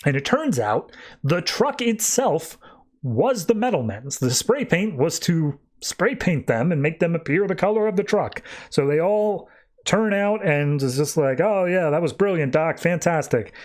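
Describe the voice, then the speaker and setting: Higher-voiced man casually recapping comics. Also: sing-song, unhurried, a little mellow. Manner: chatty, paraphrases dialogue loosely with filler words. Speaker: podcast host.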